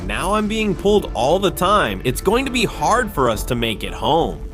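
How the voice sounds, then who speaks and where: An excitable man calls out a survival game as he plays it, his fairly high voice bouncing up and down as he talks. He jumps from calm remarks to quick alarmed shouts. Soft music plays under him. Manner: excitable, jumpy play-by-play. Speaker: gaming channel host. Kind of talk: Minecraft survival commentary.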